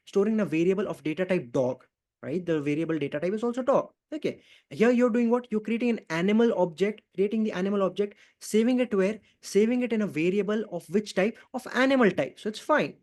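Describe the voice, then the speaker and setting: A man's voice: high-pitched, a little mellow. A man teaching a live online programming class, answering his own questions and tagging nearly every line with "right?" and "okay?". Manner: repeats key phrases, frequent fillers. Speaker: programming instructor. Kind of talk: live online coding lesson.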